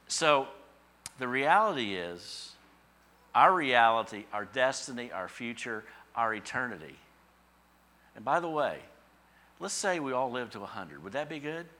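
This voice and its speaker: A man's voice: fairly low pitch, pushed and bright. A man preaching a sermon in a conversational, storytelling way, acting out voices in his asides. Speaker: pastor.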